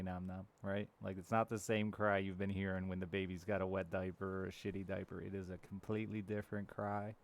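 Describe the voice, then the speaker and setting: This man's voice sits low and creaky. He's in his thirties, chatting candidly with live viewers during a game stream and letting the odd swear word slip.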